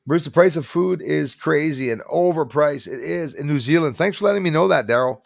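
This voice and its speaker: A man's voice: fairly high pitch, lively intonation, a little fast, creaky, no room sound, studio quality. A middle-aged man from Canada hosting a casual livestream, rambling and reading viewer comments aloud. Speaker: livestream host.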